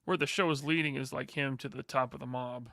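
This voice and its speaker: A man's voice: medium pitch, steady tone, fairly quick, vocal fry, a bit bright, no room sound, clean studio sound. A man hosting a casual livestream, joking and teasing his guest with curious questions. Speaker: livestream host.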